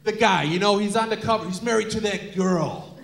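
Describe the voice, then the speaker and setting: A man's voice: sits high, brisk, vocal fry. Forgetful old father, grumpy, vague rambling, man doing a voice, crowd laughing in a roomy hall.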